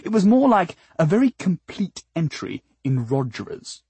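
A man narrating an audiobook in a wry, deadpan storytelling manner. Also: on the high side, measured pace, slightly rough, no echo.

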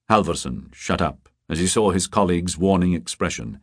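A man narrating a novel as an audiobook, measured and expressive. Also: low-pitched, dry recording, clean studio sound. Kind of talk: scripted narration.

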